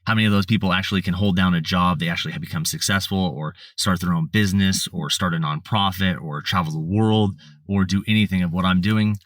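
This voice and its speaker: A man's voice: sits low, steady tone, quick pace, hardly any pauses, fairly bright tone, dry recording. A man from the United States, a podcast guest telling his life story in a casual, rambling way with lots of fillers and restarts. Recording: slightly distant mic, dry sound.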